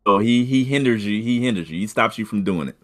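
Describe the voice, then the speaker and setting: A man running a tabletop game as game master, talking in halting stretches full of fillers and restarts. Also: lowish voice, lively intonation, fairly bright tone.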